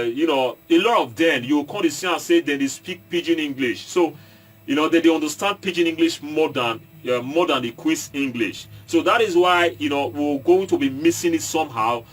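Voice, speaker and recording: A Nigerian man with an Edo State accent, an entertainer addressing his viewers in a casual monologue, stopping and restarting often and slipping into Pidgin. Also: on the high side. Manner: halting, repeats and restarts, mixes in Pidgin, asks viewers if they follow. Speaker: online commentator and entertainer.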